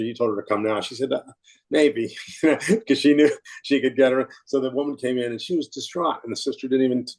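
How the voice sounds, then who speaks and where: Fast-talking American man telling a story. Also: mid-range voice. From United States. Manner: warm anecdotal, laughs often, many restarts. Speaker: podcast guest. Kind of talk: casual storytelling interview.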